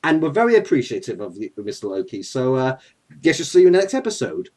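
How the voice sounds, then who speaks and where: A man's voice: medium pitch, very animated, fast talker, darkish tone. A man hosting a casual comedic chat, chatty and giggly, often apologetic. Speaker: host.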